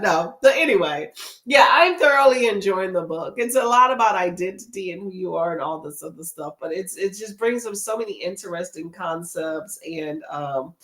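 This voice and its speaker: A woman hosting a casual livestream, chatting and laughing often as she reads comments aloud. She has a runny nose and is a bit under the weather, and her voice rises and falls in a lively way. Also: mid-range voice, moderate pace. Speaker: livestream host.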